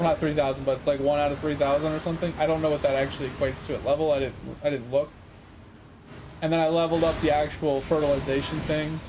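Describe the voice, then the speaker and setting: A man's voice: a little high, background noise. A young man giving casual gameplay commentary as a streamer, frustrated and swearing while he talks to his chat. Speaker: gaming streamer.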